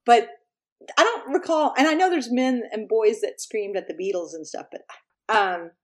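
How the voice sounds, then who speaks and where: A middle-aged woman musician from Texas, chatting as an interview guest and telling lively stories, acting out quotes and laughing often. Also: fairly high pitch, normal speed. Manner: animated storyteller, laughs often, acts out quotes. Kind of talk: casual interview chat.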